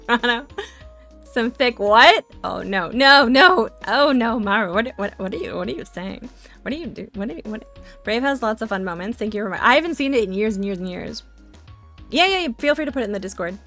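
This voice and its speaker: A young woman from Louisiana hosts a casual live stream, her voice sitting a little high. She rambles and giggles, often restarting her sentences. Soft music plays faintly under her talk. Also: animated, brisk. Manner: chatty, giggly, lots of fillers and restarts. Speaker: streamer chatting with chat.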